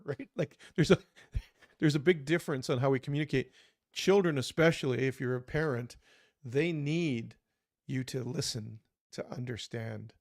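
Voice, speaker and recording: A man's voice: medium pitch, moderate pace, no room sound, studio quality. A man co-hosting a podcast, talking earnestly about communication and acting out short example dialogues. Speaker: podcast co-host. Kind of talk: conversational advice talk.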